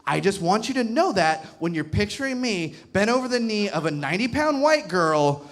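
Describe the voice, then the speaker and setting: A male stand-up comedian with a high voice that leaps around as he tells a crude story. His delivery is animated and punctuated by his own laughter. He is on a comedy club stage, speaking into a handheld mic. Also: normal speed. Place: comedy club stage before a live crowd.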